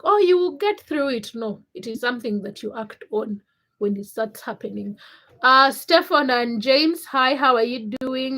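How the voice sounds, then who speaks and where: A woman's voice: on the high side, a bit bright. A young woman hosting a casual livestream, greeting viewers by name between stretches of personal storytelling. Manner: reads viewer names and greets them, then tells a personal story. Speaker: livestream host.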